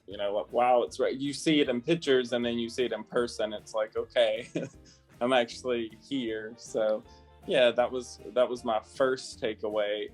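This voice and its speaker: A man's voice: mid-range voice, fairly even intonation, normal speed, faint music behind. A man from South Carolina, a guest in a casual interview, talking chattily with lots of fillers and laughs. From South Carolina, USA.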